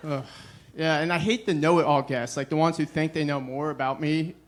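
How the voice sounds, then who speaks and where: A young man performing a stand-up comedy set, deadpan and self-deprecating, with a weary "ugh" between jokes. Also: on the high side, fairly quick.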